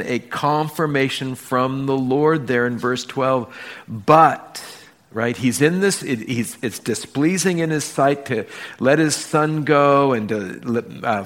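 A man's voice: medium pitch, a bit bright. Middle aged guy preaching, storytelling sermon, plays out little conversations, voice moves around a lot. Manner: storytelling with acted-out dialogue, varied emphasis. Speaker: pastor.

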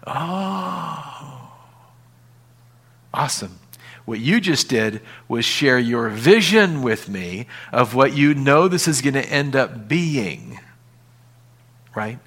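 A man's voice: mid-range voice, very animated, slow. Conversational male pastor preaching. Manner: conversational preaching, dropping to quiet emphasis; acts out little scenes with voices. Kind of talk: sermon.

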